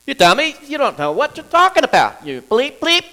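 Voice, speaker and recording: A man acting out a rude, furious man who yells insults at people around him. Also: very high voice, huge pitch swings, a little fast, voice pushed up, heavily acted. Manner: shouting, insulting.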